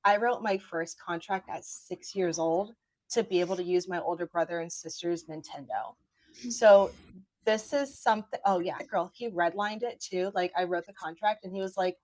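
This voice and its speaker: A woman with a fairly low voice and a dry, close sound explains legal matters as a podcast guest. She lays out her advice point by point in a steady, explanatory way. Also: moderate pace, dry recording. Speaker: attorney guest. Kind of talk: podcast interview.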